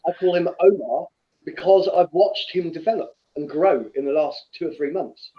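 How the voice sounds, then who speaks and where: High-voiced indignant man, lo-fi audio. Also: moderate pace. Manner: indignant, emphatic with swearing. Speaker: voice chat participant. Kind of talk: casual chat. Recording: dull lo-fi online audio with faint noise.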